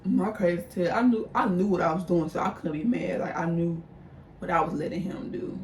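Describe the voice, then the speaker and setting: A woman's voice: lowish voice, fairly quick, darkish tone, recorded from a distance. Chatty young woman, roomy and off-mic. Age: young adult. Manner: chatty, addresses viewers as y'all. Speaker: vlogger telling a story. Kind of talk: casual storytime. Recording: roomy echo, voice a bit off-mic, faint background hum.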